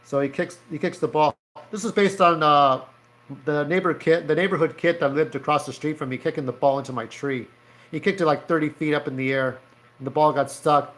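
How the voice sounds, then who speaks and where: A man's voice: on the high side, steady tone, fairly quick, a bit bright. A man casually narrating his own comic strip, rambling and profane, with lots of fillers. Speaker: comic creator. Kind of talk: casual storytelling over his drawings.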